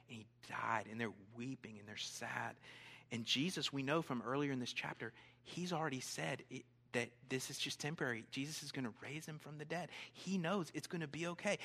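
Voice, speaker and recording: A male pastor preaching a sermon in an animated way, dropping to hushed tones and rising again. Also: a little high. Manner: animated, swings from loud to hushed.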